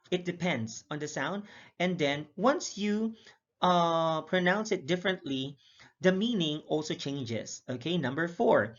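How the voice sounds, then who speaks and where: A male English teacher recapping a lesson, speaking in a measured way, repeating each word pair slowly with frequent "okay" and "uh" fillers. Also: a little high, a bit bright. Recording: dull lo-fi recording.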